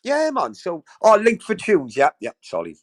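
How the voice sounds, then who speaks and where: A man's voice: high-pitched, wildly swooping pitch, normal speed. A man hosting a casual livestream, talking straight to his chat in a sweary, effusive, rambling way. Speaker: livestream host.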